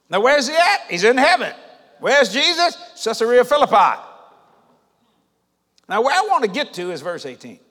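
In a church sanctuary, a high-pitched man preaches a sermon, sinking into low murmurs and then rising to shouted calls to the congregation, his pitch swooping wildly. He keeps a moderate pace with long pauses, and his voice rings through the hall with a long reverb tail.

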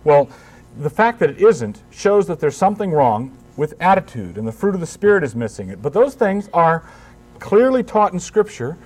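A man's voice: fairly high pitch, big pitch swings, normal speed, a little mellow. A man speaking as a pastor at a conference, conversational and emphatic, with wry humor and frequent restarts. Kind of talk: conference talk.

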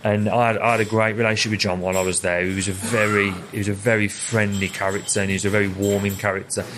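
Male chef guest, young adult, fast rambling interview talk, slightly low voice. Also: little pitch movement, background noise. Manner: rambling, repeats words while telling stories. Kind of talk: casual interview chat.

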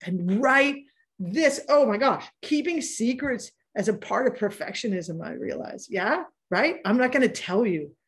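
Candid, husky-voiced woman coaching casually. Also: fairly high pitch, animated. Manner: candid, swears freely, laughs easily, quick asides. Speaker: productivity coach and podcast host. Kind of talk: casual live workshop talk.

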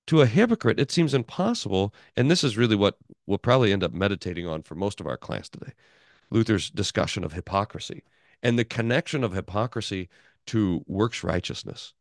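Animated man teaching a Bible class. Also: on the low side, brisk, gravelly, no echo, clean studio sound. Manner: animated, chuckling, self-interrupting. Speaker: pastor.

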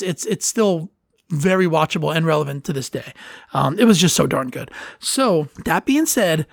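A man hosts a solo podcast, talking casually and rambling with fillers and restarts. His voice is high and creaky, captured in a dry, studio-quality recording.

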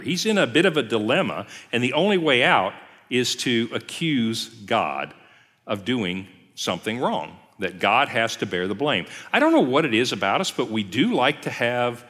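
A man's voice: mid-range voice, moderate pace. A man preaching a conversational sermon as pastor, who briefly acts out the people he quotes. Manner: lively, acts out quoted voices. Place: church sanctuary. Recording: long church hall reverb.

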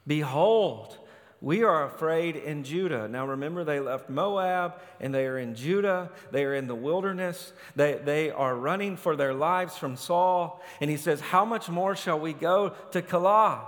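A man's voice: fairly high pitch, a little slow, a bit bright, in a large hall. A man preaching an expository sermon, with emphatic rising peaks in his delivery. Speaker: pastor.

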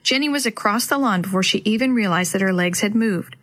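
A woman reading a chapter book aloud to children as host, with clear, expressive storytelling. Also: medium pitch, fairly quick.

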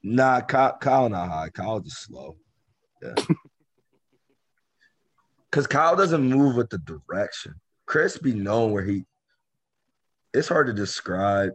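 A low, slightly husky man talking about basketball games. His pitch swings widely as he tells stories in loose, slangy speech. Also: a little slow, pauses often. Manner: animated, slangy storytelling. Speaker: podcast co-host. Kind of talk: casual basketball chat.

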